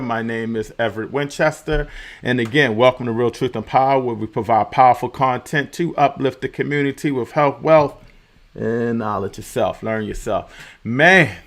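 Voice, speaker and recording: A man hosting his own commentary show, talking casually and repeating key phrases for emphasis. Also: medium pitch. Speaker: host of a commentary channel.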